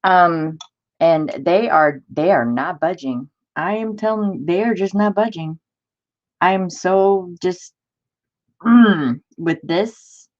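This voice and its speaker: A woman's voice: lowish voice, slow. Exasperated woman venting, dull lo-fi sound. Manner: exasperated, talks to live chat viewers. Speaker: crafting channel host. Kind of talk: casual venting while crafting.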